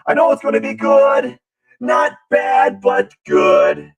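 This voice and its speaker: A man hosting his art livestream, chatting in a goofy, rambling way with bursts of playful shouting. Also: very high voice, huge pitch swings, takes it slowly. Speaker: livestream artist host. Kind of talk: casual drawing livestream chat.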